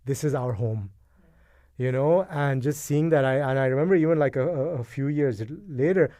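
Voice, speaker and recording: A middle-aged man, a guest in an interview, telling his story in a casual, animated and emotional way. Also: medium pitch, normal speed, no room sound, studio quality. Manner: animated, emotional, acts out past dialogue. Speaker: guest, event co-founder.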